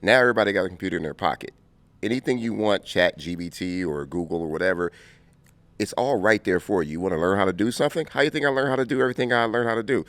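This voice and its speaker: A man in his fifties from Compton, telling stories as an interview guest, animated and quick to laugh. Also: low-pitched, no room sound. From Compton, California. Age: 50s. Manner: animated, laughing storyteller who acts out scenes. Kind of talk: casual interview storytelling.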